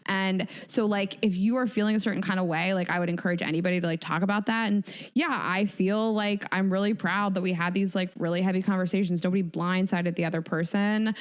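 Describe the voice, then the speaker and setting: A woman's voice: medium pitch, steady tone, quick pace, few pauses, smooth. A woman in her thirties co-hosting a podcast, talking candidly and casually with occasional swearing. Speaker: podcast co-host. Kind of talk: casual chat.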